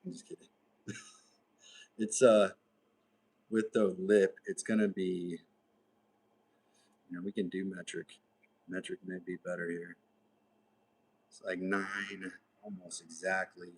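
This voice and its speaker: A man hosting a live crafting stream from his workshop, thinking aloud in an unhurried way and muttering to himself as he works. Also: low-pitched, little pitch movement, a little mellow, low-quality recording. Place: home workshop.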